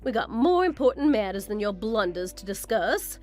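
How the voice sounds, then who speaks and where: A woman's voice: mid-range voice, big pitch swings, normal speed, darkish tone, faint music behind, lightly acted. A woman playing a vain, belittling middle-aged mother-in-law in a text-story drama. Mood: boastful. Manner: haughty, belittling, self-admiring.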